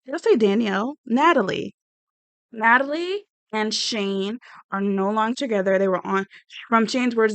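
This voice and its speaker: A woman's voice: mid-range voice, normal speed, a bit bright, dry recording. A woman giving blunt, rambling, sassy commentary on a reality show. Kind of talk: casual reaction commentary.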